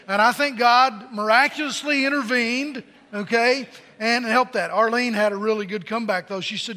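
A man delivers a sermon to a large congregation, his voice high and bright. He tells jokes and stories and doubles back on his words. The sound carries a long reverb from a big church hall. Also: moderate pace. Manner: storytelling and joking with the congregation, many repeated words. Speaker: pastor.

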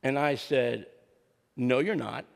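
An older man, a guest preacher and counselor, gives a humorous sermon in a church sanctuary, where long hall reverb trails his words. His mid-range voice moves slowly with vocal fry as he jokes easily, tells stories, and acts out what people said.

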